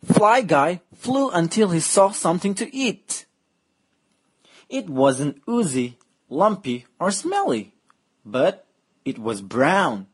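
Reading a picture book to children, a woman draws every word out very slowly in a soft, breathy voice. Her pitch swoops up and down in big swings as she plays up the story in a playful, exaggerated way.

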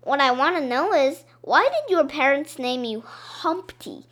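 A woman's voice: high-pitched, very animated, a little slow, fairly bright tone, heavily acted. A woman voicing a cheeky schoolboy who complains bluntly that things are boring. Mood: complaining. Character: cheeky, bored schoolboy narrator.

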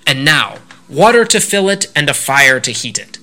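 A man's voice: mid-range voice, sing-song, moderate pace, pushed and bright, faint music behind, exaggerated voice. A man doing sly coaxing hungry soldiers. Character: three hungry clever male soldiers, sly and persuasive.

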